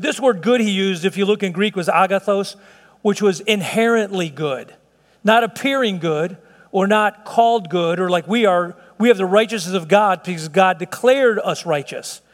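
A middle-aged pastor with a high-pitched voice preaches an earnest, conversational sermon, frequently restarting his sentences. A long reverb tail trails his words.

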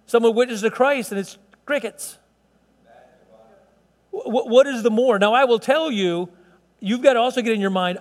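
A middle-aged male pastor preaching a sermon, impassioned, with stammering repeats and swings between soft and loud. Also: sits high. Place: church sanctuary. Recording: long reverb in a church hall.

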